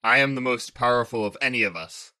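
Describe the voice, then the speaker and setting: A man's voice: mid-range voice, fairly quick, bright, forceful tone. Storybook villain: a snarling, menacing male planet ruler, put on by a man narrator. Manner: growling, snarling, domineering. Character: huge arrogant male planet king, menacing.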